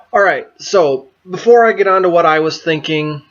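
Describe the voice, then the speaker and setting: A man's voice: on the high side, a bit bright, dull audio. A man giving casual political commentary in a vlog, amused and exasperated, stumbling over his words. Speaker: vlogger.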